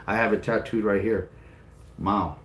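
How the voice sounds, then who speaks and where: A man's voice: lowish voice, steady tone, unhurried. A man co-hosting a casual chat, telling a story animatedly, acting out the voices of others and swearing freely. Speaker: co-host. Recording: roomy with faint background noise.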